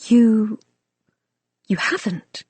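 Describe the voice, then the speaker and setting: A woman's voice: a little high, extremely slow, a little mellow, slightly rough, dry recording, full character voice. Woman playing a defiant, impulsive young runaway. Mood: startled.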